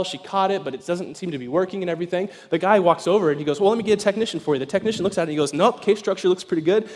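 A man preaching an evening sermon as pastor, telling a story animatedly and acting out voices, sometimes shouting with excitement. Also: on the high side. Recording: long reverb in a large hall.

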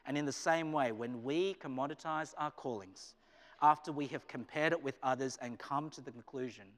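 Animated Australian man preaching in a hall. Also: normal speed. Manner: animated, swings from loud emphasis to low, quiet asides. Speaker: pastor and business teacher. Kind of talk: sermon. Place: chapel hall. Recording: reverberant chapel hall.

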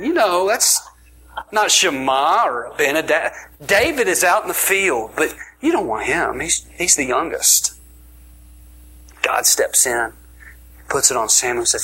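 A man's voice: fairly high pitch, sing-song, measured pace, long pauses, sharp tone, breathy edge. A man preaching a sermon, telling the story with jokes and dropping into whispers for emphasis. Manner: playful, joking storytelling, with sudden whispers.

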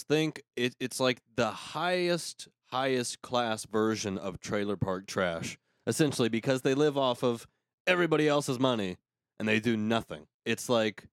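A man hosting a casual comedy talk show, ranting sarcastically with quick asides. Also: mid-range voice, no room sound, clean studio sound. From United States. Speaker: podcast host.

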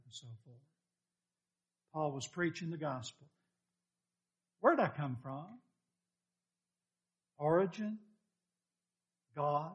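A man's voice: fairly high pitch, very animated, takes it slowly, pauses often. A middle-aged male pastor preaching a sermon, emphatic, asking rhetorical questions and quoting scripture.

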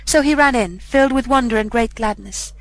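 A woman's voice: on the high side, poor audio. Woman reading a fairy tale aloud. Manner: even, measured reading of old-fashioned prose. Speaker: audiobook reader. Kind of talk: scripted storybook narration.

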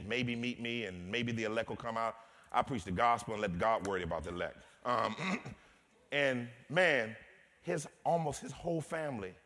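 A man's voice: medium pitch, a bit bright. A man preaching a sermon as pastor, moving from humorous storytelling to impassioned preaching. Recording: long hall reverb.

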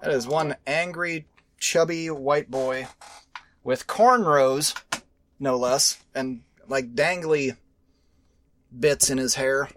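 A man hosting a podcast in casual chat, rambling, animated and profane. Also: medium pitch, takes it slowly, long pauses, background noise. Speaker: podcast host.

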